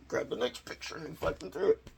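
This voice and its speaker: A man vlogging a personal confession, retelling events in an agitated, halting way with nervous laughs. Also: sits high, lively intonation, gravelly, bright, forceful tone, husky.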